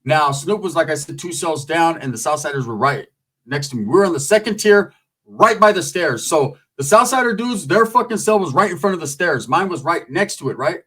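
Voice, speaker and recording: A man's voice: a little high, brisk, husky. Streetwise man telling a story. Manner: streetwise, profane, animated retelling with acted quotes. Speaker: storyteller recounting prison life. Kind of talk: casual storytelling.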